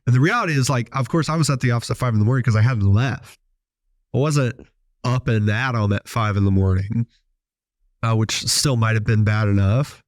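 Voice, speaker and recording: A man's voice: medium pitch, fairly quick, no room sound. Man telling stories in a dry studio. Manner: storytelling, animated quoted voices. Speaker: podcast host, business owner. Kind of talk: casual monologue.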